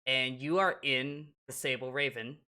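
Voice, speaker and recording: A game master narrating a tabletop game in a halting way, full of ums and uhs. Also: medium pitch, steady tone, sharp tone.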